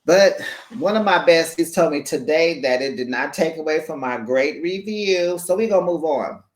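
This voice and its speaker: A recap YouTuber chatting casually about a reality show, laughing often and talking with lively slang into a microphone held back from the mouth. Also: medium pitch, moderate pace, reverberant. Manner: laughs often, gossipy and animated, uses slang. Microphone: USB microphone held back from the mouth.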